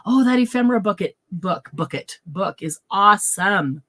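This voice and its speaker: A woman hosting a craft livestream in casual chat, bubbly and quick to laugh, greeting viewers by name. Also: mid-range voice, animated, sharp tone. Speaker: craft show host.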